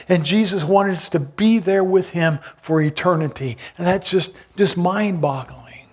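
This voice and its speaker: A man's voice: high voice, measured pace. A man preaching a sermon as pastor, retelling a gospel story and asking his listeners questions. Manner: storytelling, asks the congregation questions.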